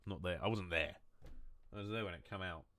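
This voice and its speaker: A man's voice: low-pitched, brisk, bright, forceful tone. A man streaming a game, chatting casually in a rambling, joking way, mocking himself and swearing freely. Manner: loose, wandering talk with restarts. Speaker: gaming streamer.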